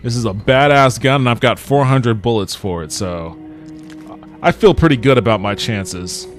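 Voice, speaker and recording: A man's voice: medium pitch, animated, normal speed, faint music behind. A man hosting a podcast, giving casual, joking, profane commentary while playing a video game. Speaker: podcast host and gamer.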